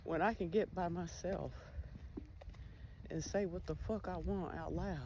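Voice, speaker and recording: A woman's voice: lowish voice, fairly even intonation, measured pace. Blunt, foul-mouthed woman in noisy recording. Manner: blunt, heavy cursing, spiritual talk. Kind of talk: candid personal monologue. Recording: noisy background hiss.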